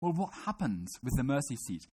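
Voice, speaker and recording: A man's voice: medium pitch, sing-song, fairly quick, warm tone, breathy edge. A man preaching a sermon to a congregation in a room, teaching and putting questions to his listeners.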